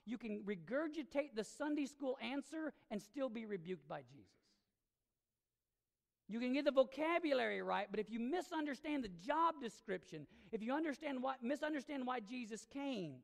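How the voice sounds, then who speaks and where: Lively, gravelly woman preaching in a church hall. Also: high-pitched, moderate pace. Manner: emphatic, conversational preaching. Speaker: pastor. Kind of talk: sermon. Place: church sanctuary. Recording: long reverb of a church hall.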